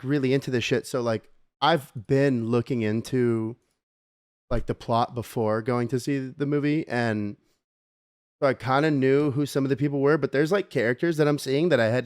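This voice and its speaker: A man's voice: medium pitch, darkish tone, dry recording, clean studio sound. Rambling young man telling a story. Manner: rambling storytelling, swearing, lots of fillers. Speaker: podcast co-host. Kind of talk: casual chat.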